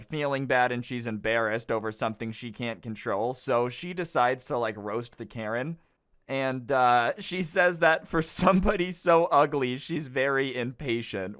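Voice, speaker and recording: A man telling a storytime on his channel, casual and sarcastic, rambling as he picks the story apart. His voice is smooth and clear at a mid pitch. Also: a bit bright. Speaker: YouTube storyteller.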